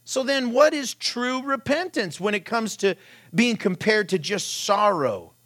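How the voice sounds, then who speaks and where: A man's voice: high-pitched, lively intonation, unhurried, a bit bright. A middle-aged man, a pastor, giving a conversational sermon full of rhetorical questions and short anecdotes.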